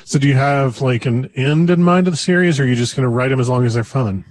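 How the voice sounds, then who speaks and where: A man's voice: medium pitch, quick pace, dry recording. A man interviewing an author, enthusiastic and rambling. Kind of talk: casual interview.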